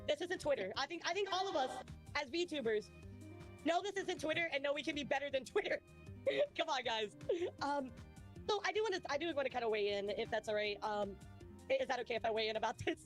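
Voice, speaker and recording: Quick, high-voiced woman streamer. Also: faint music behind. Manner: upbeat, talks directly to chat. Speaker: streamer and interviewer. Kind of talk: livestream interview.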